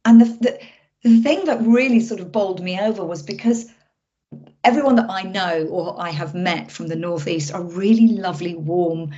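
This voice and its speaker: A woman film director, a podcast guest, tells the story behind her work in an animated, chatty way, often circling back and restarting her sentences. Her voice sits slightly low, and the recording sounds muffled and lo-fi. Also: normal speed. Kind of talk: casual interview chat. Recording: muffled lo-fi audio.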